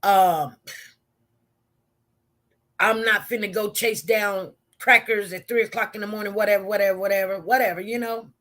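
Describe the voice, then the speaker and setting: A woman's voice: medium pitch, steady tone, normal speed, pauses often, a bit bright. A woman who works as a nurse, telling a work story to her viewers in a casual live stream. She rambles and repeats herself as she talks straight to them.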